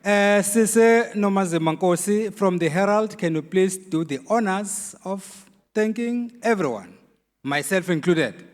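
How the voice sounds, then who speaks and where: A man's voice: high voice, unhurried. A South African man emceeing a public dialogue, joking with the audience and hesitating with uhs. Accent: South African English. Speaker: programme director. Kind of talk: event emcee patter. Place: venue hall with audience. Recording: hall reverb with crowd noise.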